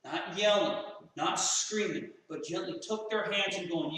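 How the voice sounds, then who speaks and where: High bright male pastor in echoey hall. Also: unhurried. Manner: folksy, acts out quoted voices. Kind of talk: sermon. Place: small church sanctuary. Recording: echoey church hall from far off.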